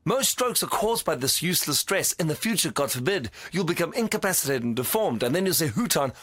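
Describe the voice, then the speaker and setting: An actor playing a smooth-talking male con man posing as a doctor, flattering and pleading in a dubbed drama. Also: fairly high pitch, fairly quick. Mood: smug.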